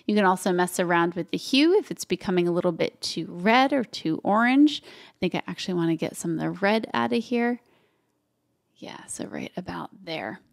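Woman, tutorial host, gravelly fry, casual step-by-step talk with asides to viewers. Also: fairly low pitch, animated, moderate pace. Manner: chatty, talks while working, with asides to viewers. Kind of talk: casual screen-share editing tutorial.

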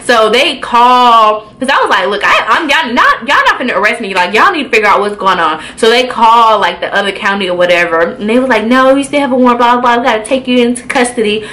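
A young woman vlogger telling a casual storytime, animated and profane, acting out her own reactions. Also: fairly high pitch, fast, few pauses, rough recording. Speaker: beauty vlogger.

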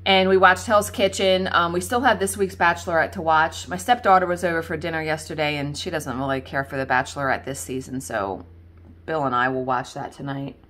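Woman, lowish voice, rambling casual craft chat, lots of fillers and laughs. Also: fairly even intonation, brisk, a bit bright. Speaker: craft video host.

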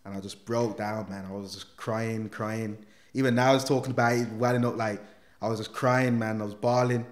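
A young former gang member, now a motivational speaker, tells his life story as a guest in a casual interview, full of slang and acted-out quotes. His voice is on the low side, steady in tone and fairly quick.

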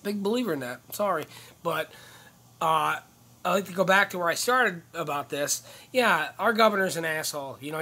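A man's voice: high-pitched, sharp tone, breathy edge. A man comedian ranting casually to camera, profane and rambling, jumping from one gripe to the next. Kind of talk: casual vlog rant to camera.

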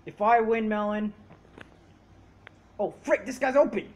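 A woman's voice: mid-range voice, measured pace, darkish tone. Teasing young woman playing a video game. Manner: teasing, laughing, stumbling over repeated words. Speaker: gaming channel host. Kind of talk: casual gameplay chat.

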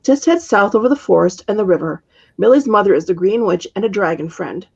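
A woman reading aloud, voicing a younger witch who is loud, chatty and gushing. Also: mid-range voice, expressive, brisk, vocal fry, breathy edge, dull audio.

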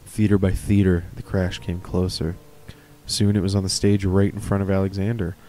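A man's voice: sits low, level tone, moderate pace, dark tone, a little hiss or hum. A man reading a horror story aloud, with casual, chatty asides. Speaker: reader of stories.

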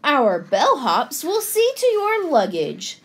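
Woman doing squeaky fast-talking hotel mice. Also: huge pitch swings, exaggerated voice. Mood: prim.

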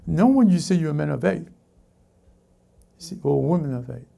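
Male pastor preaching in church, deep mellow timbre, stop-start delivery that corrects itself as it goes. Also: expressive, vocal fry. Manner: halting, self-correcting preaching with many restarts. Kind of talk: sermon. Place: church service before a congregation.

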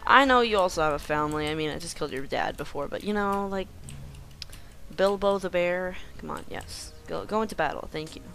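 Woman doing goofy game commentary, kinda low voice, yells when stuff happens, soft music behind. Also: fairly quick, vocal fry. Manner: playful, jokes with game creatures, bursts into excited yelling. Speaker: gameplay commentator. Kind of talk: casual gameplay commentary.

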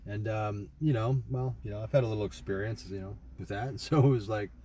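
A man's voice: on the low side, a little fast, warm tone, slight background noise. A young man casually rambling through a trip report, swearing often and full of fillers and restarts. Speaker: vlogger.

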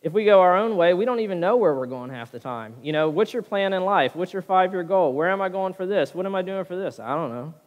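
A man's voice: high-pitched, animated, fast talker, hardly any pauses, long reverb tail, highs cut off. A man preaching a sermon as pastor, often checking in with his listeners with a "right?". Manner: preaching with frequent "right?" tag questions. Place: church sanctuary.

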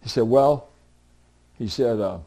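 A middle-aged man preaching a sermon in a conversational, storytelling way. He acts out the people in his stories, and now and then he breaks into loud, high, pleading bursts to drive a point home. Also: takes it slowly, gravelly. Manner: conversational storytelling, voicing other people in dialogue; swings to loud, high, pleading outbursts for emphasis. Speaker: pastor.

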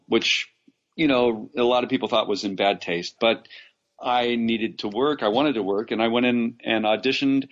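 A Los Angeles-born actor talks at a moderate pace in a mid-range voice with fairly even intonation, though the audio is dull. In this casual podcast interview he tells long stories, often restarting, filling gaps and laughing.

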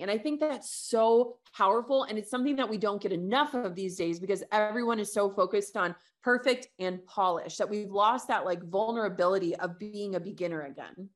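A woman guest on an interview show, talking casually and telling animated stories with quoted asides. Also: mid-range voice, a little fast, hardly any pauses. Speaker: podcast host and guest.

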